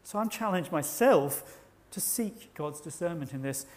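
A man preaching a sermon at a church service, measured and reflective, slowing down to stress key words. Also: on the high side, animated, darkish tone. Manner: measured, reflective, slows for emphasis.

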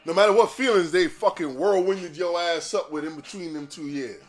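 At a normal pace, a man whose voice sits a bit above most delivers a rambling, casual podcast monologue as host. Faint background music accompanies him as he curses freely and cracks himself up at his own jokes.

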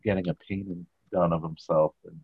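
A man's voice: sits low, fairly even intonation, a little fast, husky, dry recording. A man casually recapping a sitcom episode as a podcast host, rambling with many fillers. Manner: rambling, filler-heavy storytelling. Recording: dull, dry audio.

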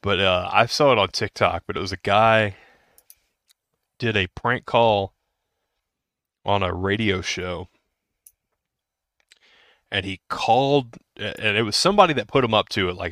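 A man's voice: fairly low pitch, measured pace, long pauses, fairly bright tone, dry recording, studio quality. A man in his thirties co-hosting a podcast, rambling casually with restarts and laughs. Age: 30s. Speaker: podcast co-host. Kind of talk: casual chat.

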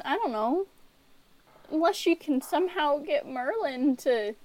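A woman's voice: high voice, animated, unhurried, darkish tone, dry recording. A woman acting as game master, narrating a tabletop game with playful, laughing asides.

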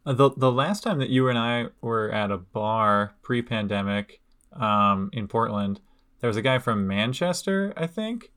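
A man hosting a casual history podcast, talking loosely with many fillers and quick laughs. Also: mid-range voice, animated, fairly bright tone. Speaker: podcast host.

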